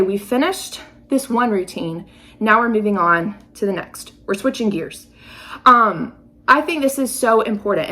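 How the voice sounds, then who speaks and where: A woman in her thirties talks through her ideas as a podcast host, in a mid-range voice. She explains with everyday examples and lifts her voice sharply on key points. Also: mid-range voice. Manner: chatty, explains with examples, lively emphasis. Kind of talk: casual podcast teaching.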